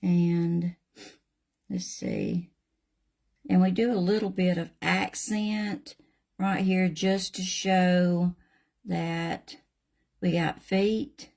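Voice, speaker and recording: Slow-talking older Southern woman. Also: lowish voice, sing-song, vocal fry, a little mellow. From Southern United States. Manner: chatty and folksy, talks to viewers by name. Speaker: craft channel host. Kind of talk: casual live painting demonstration.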